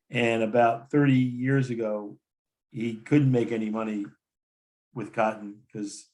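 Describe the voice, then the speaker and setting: A man telling a story as a guest in a casual conversation, rambling with many restarts and quoted dialogue. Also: fairly low pitch. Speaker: coffee company founder as guest.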